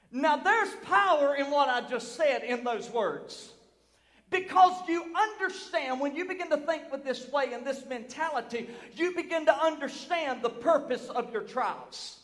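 High-voiced preacher in a reverberant church. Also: male voice, moderate pace. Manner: preacherly, building from soft to shouted emphasis. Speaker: pastor. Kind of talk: sermon. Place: church sanctuary. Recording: long hall reverb.

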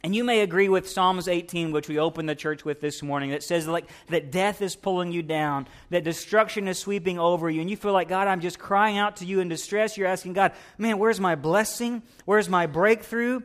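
A man preaching a sermon as pastor, building to fervent, raised exhortations before easing into a soft, low closing prayer. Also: fairly quick, few pauses.

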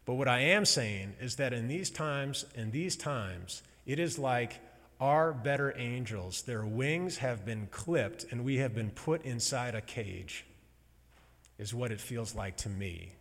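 A man preaches a personal sermon in slow, halting bursts, pausing between phrases as he builds feeling. His voice sits at an ordinary middle pitch. A long reverb trails his words through a large hall. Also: animated, fairly bright tone. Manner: slow, halting, emotional storytelling with pauses.

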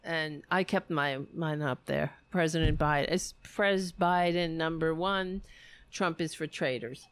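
A woman's voice: deep voice, a little slow, clear, resonant tone. A woman hosting a political livestream, ranting casually with profanity and sarcasm.

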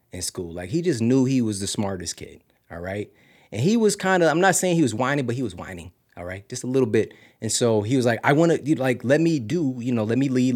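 A man from Missouri hosting a podcast, telling a story casually with big swings from loud to hushed. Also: fairly low pitch. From Missouri, USA. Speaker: podcast host.

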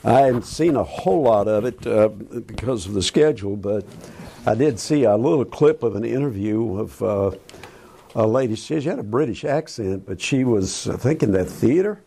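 An older man speaks on a Christian talk show with a low, dark voice full of gravel and a husky edge. He talks in halting bursts, restarting his sentences often. His tone is earnest and preachy. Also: expressive. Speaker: Christian radio host. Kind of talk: casual talk about current events.

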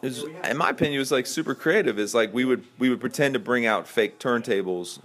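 A man's voice: mid-range voice, quick pace, a bit bright. A middle-aged man hosting a podcast, telling a long backstage story in casual chat and acting out the quoted voices. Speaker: podcast host.

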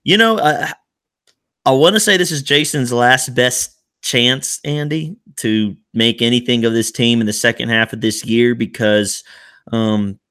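A man co-hosting a casual sports podcast, excitable and quick to laugh as he rambles through his points. His voice sits at an ordinary middle pitch. The sound is dry and close, with no room in it. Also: clear, resonant tone, no echo. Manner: excitable, laughs often, talks in loose run-on bursts. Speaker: podcast co-host.

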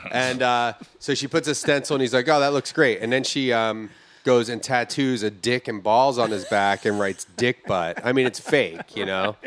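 A man's voice: mid-range voice, normal speed, a bit bright, slight background noise. A man hosting a podcast, telling rambling stories in casual chat and acting out the voices of the people in them. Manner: rambling storyteller who acts out quoted voices. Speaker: podcast host.

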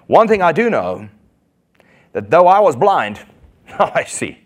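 Defiant healed beggar, sarcastic and unafraid, as a preacher puts him on in a sermon. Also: male voice, fairly high pitch, sing-song, measured pace.

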